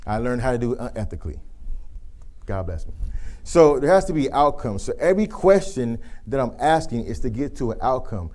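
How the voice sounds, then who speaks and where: Man presenting a lively leadership talk. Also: medium pitch, a little fast. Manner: animated storytelling, acting out quoted voices. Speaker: workshop presenter; youth football coach. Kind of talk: live leadership talk to a group.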